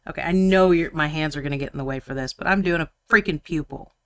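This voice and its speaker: Bright, gravelly woman painting on stream. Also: deep voice, fast, no echo, studio quality. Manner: playful, teasing, muttering while she works. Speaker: miniature painter and stream co-host. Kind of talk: casual chat while painting.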